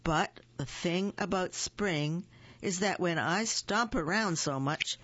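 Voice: medium pitch, slow, fairly bright tone, dry recording, highs cut off. A reader doing a grumpy sleepy rabbit. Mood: grumbling. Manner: grumbling, sighing.

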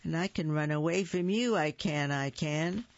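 A woman's voice: low-pitched, normal speed, no room sound. A woman voicing a cocky little gingerbread boy who taunts his chasers in a sing-song chant. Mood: boastful. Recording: dull lo-fi recording.

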